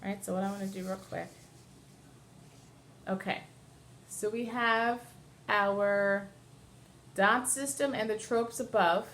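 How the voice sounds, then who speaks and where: A woman's voice: medium pitch, fairly bright tone. Woman cantor teaching chant step by step. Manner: patient, explanatory, step-by-step, breaks into chant. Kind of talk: classroom lesson with sung examples.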